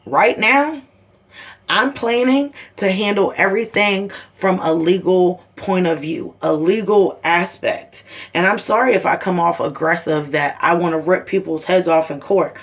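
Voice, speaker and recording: A woman's voice: on the low side, unhurried. A mother of seven ranting to the camera in a heated, blunt way, swearing constantly. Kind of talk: angry personal video rant.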